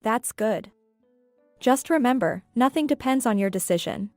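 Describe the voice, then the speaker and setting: A woman voicing a cold, smug male company boss who talks in a coolly taunting, measured way. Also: a little high, expressive, a little mellow, no room sound, faint music behind, natural voice.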